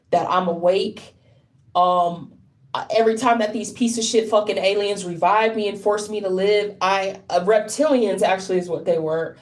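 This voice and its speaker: A woman in deep distress, speaking bluntly and profanely in an unscripted monologue to camera, often stopping to repeat herself. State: deeply distressed. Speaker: vlogger.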